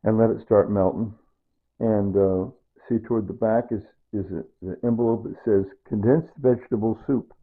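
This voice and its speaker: A man's voice: lowish voice, fairly even intonation, normal speed, breathy edge. A man talking a home cooking video through in a casual, rambling way, repeating himself as he goes. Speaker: home cook. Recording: tinny phone-like audio.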